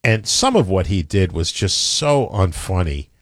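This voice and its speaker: Blunt, rambling man with a low voice. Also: sing-song, unhurried, no room sound, clean studio sound. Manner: opinionated, rambling with stammered restarts. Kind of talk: casual chat.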